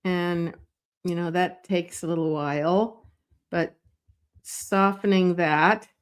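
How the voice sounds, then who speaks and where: A woman's voice: lowish voice, steady tone, slow, smooth. A woman teaching a drawing lesson, thinking aloud with fillers as she works. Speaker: art teacher. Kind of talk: drawing tutorial.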